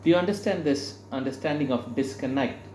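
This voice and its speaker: A man's voice: fairly high pitch, fairly quick, a little mellow, roomy sound, slight background noise. A man giving a teaching talk to a group, telling a story full of quoted dialogue and often stopping to correct himself. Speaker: speaker. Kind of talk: sermon-style teaching talk.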